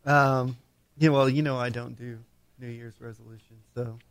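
A man's voice: medium pitch, steady tone, normal speed, clean tone. A man in a casual group chat, laid-back and mumbling. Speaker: guest.

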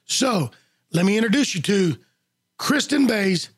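A man's voice: high-pitched, animated, a little slow, breathy edge, no echo. A man hosting a local radio talk show, folksy and joking as he talks straight to his listeners. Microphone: studio microphone.

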